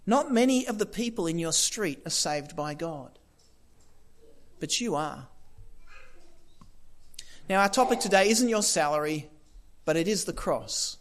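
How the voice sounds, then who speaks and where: High-voiced preacher. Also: male voice, animated, unhurried, long pauses. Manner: conversational preaching with asides and repetition for emphasis. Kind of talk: sermon.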